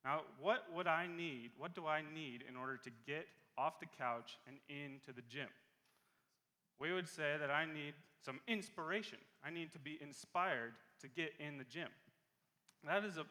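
Man, pastor, sermon, bright forceful voice, slightly high pitch, long church reverb. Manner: earnest, repeats key phrases slowly for emphasis. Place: church sanctuary.

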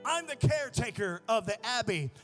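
A man's voice: very high voice, expressive, normal speed, a bit bright, faint music behind, pitched above the performer's own voice. A man voicing an old, leathery, near-toothless male caretaker, eager and boastful.

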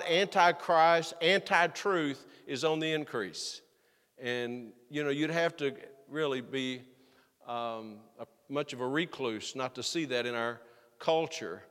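A fairly high-voiced man preaching to his congregation, reading verses in old wording and then unpacking them in everyday speech. His words ring out with a long reverb in the church sanctuary. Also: fairly bright tone. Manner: reads scripture aloud then explains it plainly, with restarts. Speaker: pastor. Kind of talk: expository sermon.

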